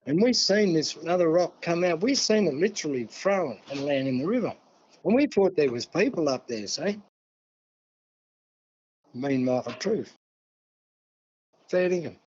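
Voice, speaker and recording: Older aussie bloke yarning away, lots of mate and see, bit high, muffled audio. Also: male voice, animated, normal speed, long pauses, darkish tone, breathy edge. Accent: Australian. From New South Wales, Australia. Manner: yarning, acts out dialogue, many "see?" and "mate". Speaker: guest elder. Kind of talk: casual storytelling interview. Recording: dull lo-fi sound.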